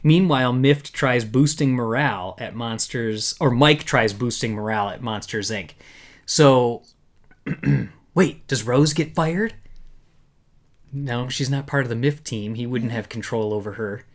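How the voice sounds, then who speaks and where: A man's voice: mid-range voice, a little slow. A man hosting a casual live discussion, chatty and full of fillers, reading quotes aloud. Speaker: podcast host.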